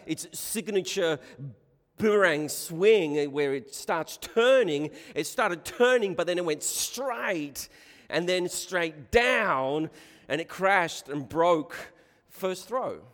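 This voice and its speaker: An Australian man preaches, easing into a childhood story in a fairly high voice. He stumbles and repeats words as he goes, and his voice trails into a long reverb like a large church hall. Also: fairly bright tone. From Sydney, Australia. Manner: halting, repeats words while telling a story. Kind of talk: sermon storytelling.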